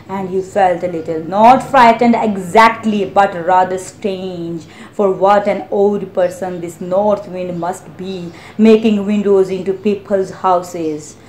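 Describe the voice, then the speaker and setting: A woman's voice: on the low side, a little mellow, a little hiss or hum. A woman teacher reading a story aloud for a lesson, carefully stopping to explain hard words. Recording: roomy echo.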